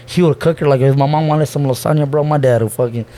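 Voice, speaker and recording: A man's voice: a little high, fast talker, warm tone. A young man, a podcast guest, talking loosely and emotionally about his family, saying "bro" a lot, swearing and restarting his sentences. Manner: loose slangy talk, says bro constantly, swears, restarts. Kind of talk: casual heartfelt conversation.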